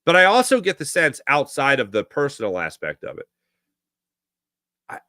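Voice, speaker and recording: Chatty Philly sports host, bright edge. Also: male voice, a little high, wildly swooping pitch, moderate pace, dry recording. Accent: Philadelphia. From Philadelphia area. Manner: rambling, conversational, frequent fillers and restarts. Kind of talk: casual sports talk monologue.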